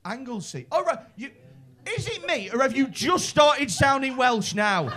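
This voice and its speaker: A stand-up comedian with a Liverpool accent doing crowd work, brash, sweary and teasing. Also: male voice, very high-pitched, lively intonation, a little slow, pushed and bright. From Liverpool, England.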